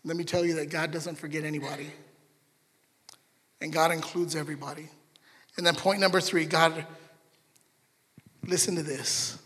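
Bright-voiced, animated male preacher. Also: fairly high pitch, a little slow, pauses often, big-room sound. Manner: animated, chatty asides to the congregation. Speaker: pastor. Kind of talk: sermon.

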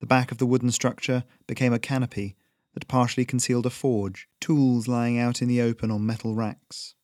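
A man reading a story aloud in a slow, measured narration. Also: medium pitch, level tone, darkish tone, dry recording, clean studio sound.

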